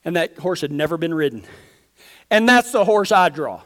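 A Texas pastor with a high-pitched, fairly bright voice preaches in a loose, folksy way at normal speed with lively intonation. He rambles through a personal tale, acting out the voices of its characters, in a storytelling sermon that ends with a prayer.

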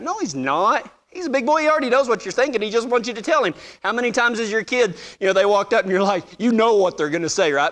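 Animated, bright-voiced male preacher. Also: high-pitched, fast talker. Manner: animated, self-deprecating, acts out voices in stories. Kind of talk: sermon with humorous storytelling.

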